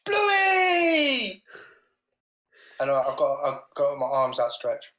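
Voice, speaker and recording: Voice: mid-range voice, flat delivery, brisk. Playful player in an echoey room. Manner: playful, repeating lines insistently. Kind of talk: tabletop game play.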